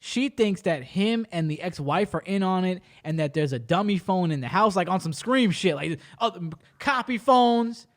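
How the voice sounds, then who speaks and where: A man with a somewhat high voice spins a long story in casual podcast talk. He is animated and slangy, and he swears freely. The delivery stays loose and conversational. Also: normal speed, few pauses. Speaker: podcast co-host.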